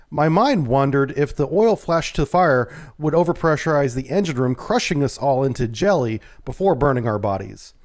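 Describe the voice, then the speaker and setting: A man, a navy submarine veteran, telling a first-person true story in a calm, measured way. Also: a little high.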